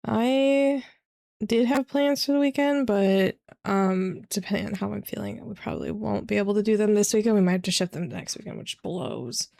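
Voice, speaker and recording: A tired young woman chatting casually as a streamer, with vocal fry and lots of fillers. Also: medium pitch, a little fast, mellow. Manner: rambling, many fillers. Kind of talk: casual chat.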